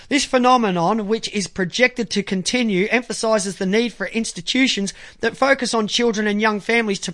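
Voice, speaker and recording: A man ranting crudely to camera, halting when he reads aloud. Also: sits high, sharp tone. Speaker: vlogger. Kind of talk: angry profane monologue to camera.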